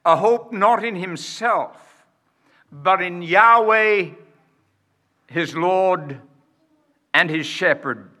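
A man preaching a sermon in a slow, emphatic way, with dramatic pauses and rhetorical questions to the congregation. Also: high-pitched, bright, forceful tone.

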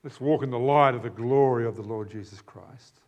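A man with a New Zealand accent preaching a sermon in a conversational way, pausing with fillers and turning to the congregation with asides. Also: medium pitch.

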